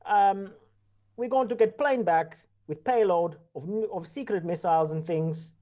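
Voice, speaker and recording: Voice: mid-range voice, unhurried, dark tone, close to an everyday voice. A tabletop player voicing a bumbling male president who speaks broken English with a mock Russian accent in rambling, pompous speeches. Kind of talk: in-character speech in a tabletop role-play.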